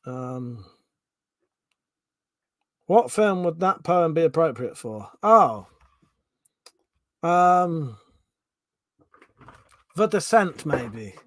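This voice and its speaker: A man's voice: a little high, very animated, very slow, pauses often, no room sound. A man with a Home Counties English accent hosting a casual live stream, reading out chat questions, thinking aloud and swearing freely.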